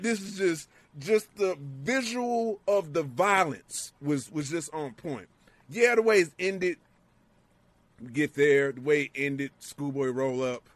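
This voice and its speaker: A man in casual podcast chat, excitable and profane, acting out moments with yells. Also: a little high, slow pace, dry recording. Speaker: wrestling show co-host.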